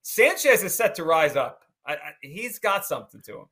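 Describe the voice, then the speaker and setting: A man's voice: high-pitched, big pitch swings, normal speed, sharp tone. A man co-hosting a casual sports talk show, chatty and opinionated.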